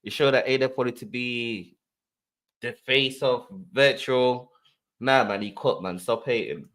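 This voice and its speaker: A man's voice: medium pitch, measured pace, a bit bright. A man in casual chat, blunt and argumentative.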